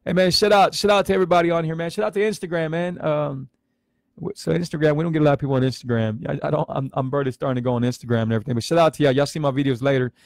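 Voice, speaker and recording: A man's voice: a little high, fairly even intonation, very fast, vocal fry, no echo. A man in his forties talking in a casual livestream, earnest and emotional, who repeats himself and stumbles over his words. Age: 40s. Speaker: vlogger sharing his health story on a livestream.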